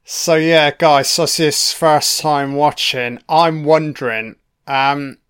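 A man's voice: fairly high pitch, fairly even intonation, takes it slowly, fairly bright tone, smooth. A man giving a casual, profanity-filled commentary on a film, reacting to scenes as they play. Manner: heavy swearing, chatty reactions.

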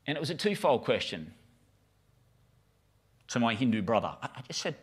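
A man's voice: mid-range voice, very animated, moderate pace, pauses often, husky. A middle-aged man, preaching a casual, conversational sermon with frequent stammered restarts. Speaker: pastor.

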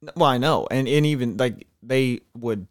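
A man co-hosting a sports podcast, excitable and profane in casual banter. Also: medium pitch, moderate pace, no room sound, clean studio sound. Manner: excitable, profane, laughs often. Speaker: podcast co-host.

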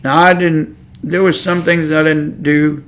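A man preaching a Bible study on a podcast, with a gravelly, crackling edge to his voice that sits somewhat high for a man. He drives each point home with earnest emphasis, circling back and repeating phrases as he presses on. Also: level tone, a little slow, a bit bright. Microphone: podcast microphone.

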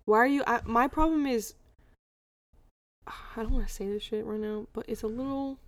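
A woman's voice: on the high side, steady tone, unhurried, no room sound. A young woman co-hosting a podcast, arguing bluntly and combatively with frequent swearing. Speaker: podcast co-host. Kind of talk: heated casual discussion.

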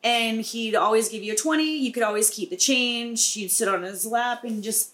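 A young woman with a slightly high voice chats casually on a podcast. She reminisces in a relaxed, reflective way, trading stories with her co-hosts. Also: normal speed. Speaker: podcast co-host. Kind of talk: casual chat.

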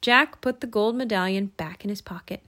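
A woman narrating a children's storybook in an expressive, lilting way. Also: medium pitch, brisk. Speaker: audiobook narrator.

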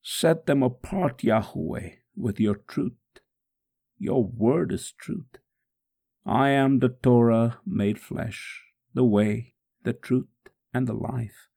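A slow, gravelly man voicing a suffering savior, praying with steady tenderness while in pain. The voice is husky and worn, each phrase measured and solemn. A devotional first-person dramatic reading. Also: medium pitch. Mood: prayerful.

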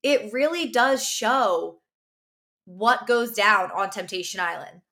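A woman's voice: mid-range voice, lively intonation, slow, pushed and bright. A young woman co-hosting a podcast, talking animatedly in casual chat and swearing freely. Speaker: podcast co-host.

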